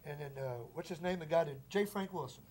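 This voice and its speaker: A man in his forties, a musician telling stories in a loose, animated interview. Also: on the high side, slight background noise. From Texas. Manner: rapid, animated storyteller with a loose drawl. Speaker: musician guest. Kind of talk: casual storytelling interview.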